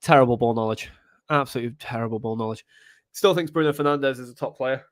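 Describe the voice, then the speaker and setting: A man's voice: mid-range voice, quick pace, no echo, clean studio sound. A young man, chatting and reacting through a live match stream as a fan. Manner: rambling, excitable, sings chants. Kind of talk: casual live match commentary.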